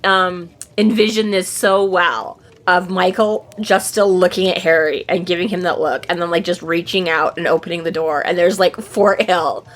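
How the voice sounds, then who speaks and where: A woman's voice: lowish voice, fairly even intonation, normal speed, hardly any pauses. A woman co-hosting a book podcast in casual chat, swearing freely and acting out the characters' lines. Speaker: podcast co-host.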